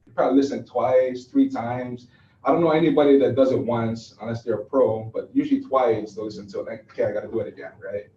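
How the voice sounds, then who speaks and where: A man's voice: mid-range voice, steady tone, a little fast, warm tone. Man coaching a sales team in an echoey room. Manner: casual, loose and chatty with fillers. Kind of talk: classroom training talk. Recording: echoey, distant, dull room recording.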